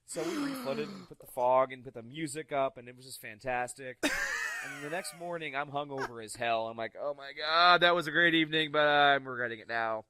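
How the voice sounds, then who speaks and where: A man telling stories in a casual podcast chat, animated and acting out the voices of the people in them. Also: mid-range voice, brisk, background noise. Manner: animated, acts out quoted voices. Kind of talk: casual storytelling.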